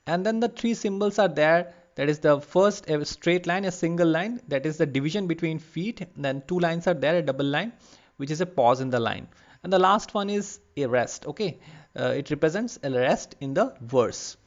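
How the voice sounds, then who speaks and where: A man giving an online literature lecture, explaining patiently and repeating terms slowly for emphasis. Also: fairly high pitch, expressive, muffled recording. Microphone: lavalier.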